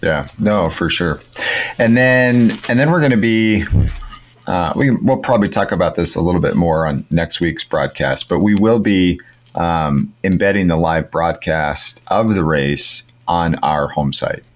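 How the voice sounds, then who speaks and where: A man with a very low, deep voice chats casually as a podcast co-host. He rambles in an upbeat way, circling back with fillers and restarts as he goes. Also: measured pace. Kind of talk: casual chat.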